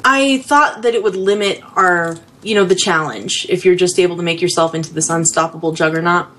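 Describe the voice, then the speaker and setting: Calm, steady woman chatting about games. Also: on the low side, brisk. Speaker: podcast co-host. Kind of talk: casual gaming chat.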